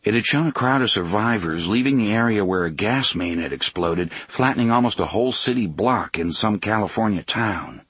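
A man narrating an audiobook in a steady, even reading voice. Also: lowish voice, normal speed, hardly any pauses, breathy edge, no echo. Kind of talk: scripted narration.

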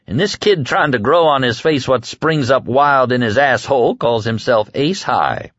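A man's voice: mid-range voice, moderate pace, fairly bright tone, no room sound, highs cut off, pitched above the performer's own voice, lightly acted. A man voicing a crude, hearty leader introducing a newcomer, read from an audiobook. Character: rough-talking gang leader welcoming a newcomer.

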